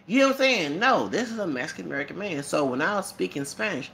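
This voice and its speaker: Fairly quick and creaky, with few pauses, this Texan YouTuber talks in a higher register. His casual monologue rambles along, lively and packed with asides and frequent laughs.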